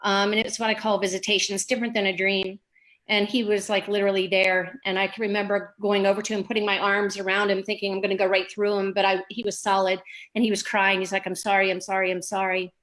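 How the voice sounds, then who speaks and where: A middle-aged woman telling a personal story in a halting way, with many pauses and fillers. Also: mid-range voice, flat delivery, a bit bright, poor audio. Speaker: bereaved mother sharing her story.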